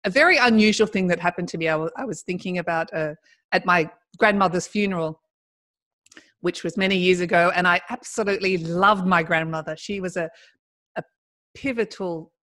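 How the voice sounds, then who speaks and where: A woman's voice: mid-range voice, a bit bright. A middle-aged woman, a podcast guest, telling personal stories in a conversational way, often laughing as she talks. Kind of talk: conversational storytelling.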